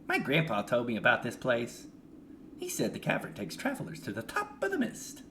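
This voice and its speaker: A man's voice: mid-range voice, wildly swooping pitch, normal speed, background noise. A man voicing a timid young boy black mage who stammers shyly. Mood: wistful. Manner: shy, stammering. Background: faint game music.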